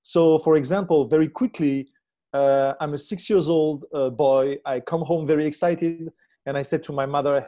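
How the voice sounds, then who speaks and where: A man with a fairly high, mellow voice and fairly even intonation speaks at normal speed. As a relationship coach being interviewed, he explains his ideas reflectively and checks in with the listener using tag questions.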